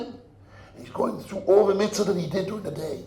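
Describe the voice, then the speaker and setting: Older rabbi telling a story, high voice, hushed then crying out, roomy echo. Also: male voice, normal speed. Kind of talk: sermon. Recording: echoey room.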